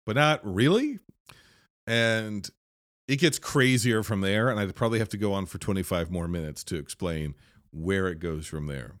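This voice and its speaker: A man with a fairly low voice talks through a horror film's story in a loose, rambling way. He fills his sentences with "like" and restarts. The sound is dry and close, with no room echo. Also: normal speed, fairly bright tone. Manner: rambling, filler-heavy, lots of "like". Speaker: film reviewer. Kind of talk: casual movie recap.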